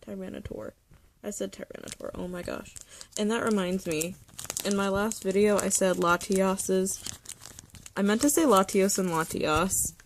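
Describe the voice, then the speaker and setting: Chatty young woman with a gravelly edge. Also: mid-range voice, measured pace, a little hiss or hum. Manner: chatty, nostalgic, drifting into soft whispers. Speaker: vlogger showing a card collection. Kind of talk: casual chat. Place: bedroom.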